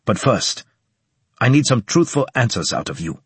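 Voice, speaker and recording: A man voicing a stern, humorless male senior officer with a slight Japanese accent, speaking in a measured, grave way. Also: mid-range voice, big pitch swings, breathy edge, no echo, voice pushed up.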